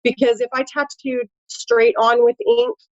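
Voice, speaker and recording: A woman's voice: on the high side, unhurried, no room sound, lo-fi sound. A woman with a Midwestern American accent, a tattoo artist and nurse, talking casually in an interview with lots of fillers. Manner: chatty, animated, frequent fillers.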